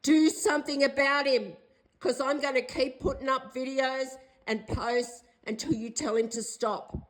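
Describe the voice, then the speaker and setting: A woman's voice: high voice, steady tone, measured pace, poor audio. An older Australian woman in a distressed direct-to-camera video, pleading and accusing in an agitated way and repeating herself. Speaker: vlogger.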